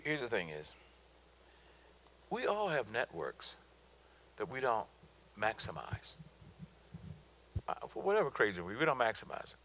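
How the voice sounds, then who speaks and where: A middle-aged man delivers a motivational business talk in a loose, colloquial way. He tells stories and repeats his punchlines for emphasis. His fairly high voice leaps up and down with animation and has a bright, forceful ring. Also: poor audio. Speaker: guest speaker on business.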